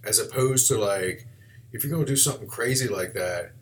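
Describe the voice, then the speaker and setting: A man's voice: medium pitch, fairly quick. A man with a Southern US accent co-hosting a podcast, in laid-back, wisecracking chat with some swearing. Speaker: podcast co-host. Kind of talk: casual chat.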